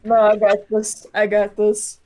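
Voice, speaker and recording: A woman's voice: mid-range voice, completely flat delivery, measured pace, mellow. A woman chatting casually and crudely with a friend while they play a game together, joking and swearing a lot.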